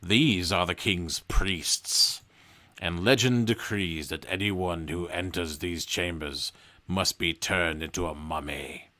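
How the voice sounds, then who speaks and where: A man voicing a stern old male wizard in a read-aloud storybook, with a deep, gravelly, slow and commanding delivery. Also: bright, forceful tone, heavily acted.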